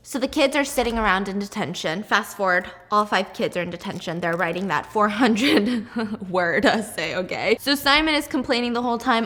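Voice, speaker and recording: A young woman casually retelling a mystery story while baking, chatty and animated, acting out the characters' lines. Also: medium pitch, normal speed, big-room sound. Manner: animated, chatty, acts out quotes. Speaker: storytelling baker host.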